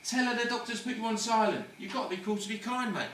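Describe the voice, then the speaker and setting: A man's voice: sits high, quick pace, fairly bright tone. A man playing a cocky wide boy. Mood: lecturing. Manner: swaggering, lecturing, slangy. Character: cocky London ladies' man, cynical patient. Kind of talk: amateur stage-style film acting. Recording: echoey room, distant mic, faint noise.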